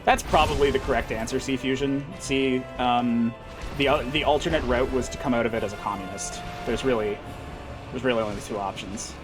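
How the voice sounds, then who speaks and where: A man's voice: medium pitch, fairly even intonation, fairly quick. Rambling, wry male streamer over game music. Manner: rambling, profane, wry humor with many fillers. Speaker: livestreamer reading chat. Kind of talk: casual rambling chat while gaming.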